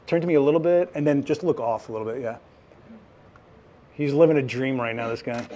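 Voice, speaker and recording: A man running a live photography lighting demo, chatty and joking, with quick asides. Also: mid-range voice, dark tone. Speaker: photography instructor.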